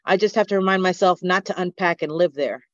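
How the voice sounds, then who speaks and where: A woman's voice: lowish voice, fairly quick. A woman speaking as a podcast guest in a candid conversation, earnest, open and reflective. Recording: dull lo-fi podcast audio.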